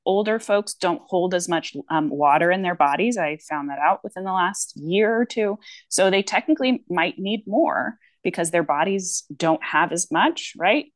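A woman's voice: fairly low pitch, expressive, normal speed, no room sound. A woman speech-language pathologist in casual podcast chat, rambling with frequent fillers and restarts.

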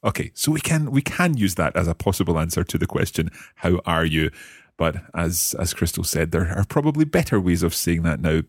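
A man's voice: deep voice, big pitch swings, fairly quick, slightly rough, no room sound, clean studio sound. A man hosting a language lesson podcast, curious and carefully repeating words after his teacher. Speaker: host and learner.

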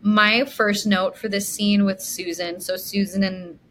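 A woman co-hosting a podcast in casual recap chat, animated and slipping into quick character voices. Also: medium pitch, rough recording. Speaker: podcast co-host.

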